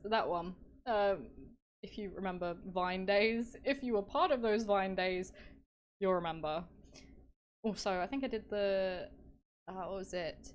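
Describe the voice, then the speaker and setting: Giggly english girl streaming, chatty and bubbly, mid pitch, faint hum behind. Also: measured pace, rough recording. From England. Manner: bubbly and giggly, trails off into sighs. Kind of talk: casual live-stream chat.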